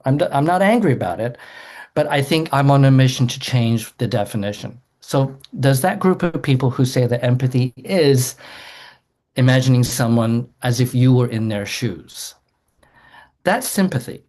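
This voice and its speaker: A man's voice: mid-range voice, lively intonation, normal speed, a little mellow. A man, a doctor, giving an earnest explanatory talk to a group, often repeating words as he restarts a sentence.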